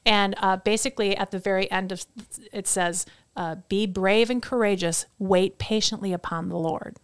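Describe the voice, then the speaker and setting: Middle-aged woman, podcast guest, animated storyteller, smooth clear voice, dry close mic. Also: medium pitch, moderate pace, no echo. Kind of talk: casual interview chat. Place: podcast studio.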